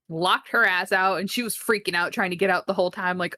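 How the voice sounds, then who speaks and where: A woman co-hosting a casual movie review podcast, excitable and swearing freely, acting out characters with big jumps in her voice. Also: medium pitch, fast, no room sound, studio quality. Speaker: podcast co-host.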